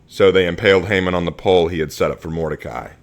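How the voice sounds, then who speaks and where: A man's voice: low-pitched, fast, vocal fry, soft background music. A man teaching a Bible study dramatically, acting out scenes in voices.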